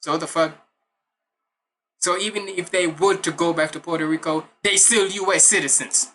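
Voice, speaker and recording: A man with Jamaican roots talks straight into his reaction video in a bright, forceful voice. He is blunt and opinionated and drifts into swearing rants. His delivery stays casual and unscripted. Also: a little high, steady tone, normal speed, a little hiss or hum. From Jamaican heritage. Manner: blunt, ranting, swears freely. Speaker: music reaction host.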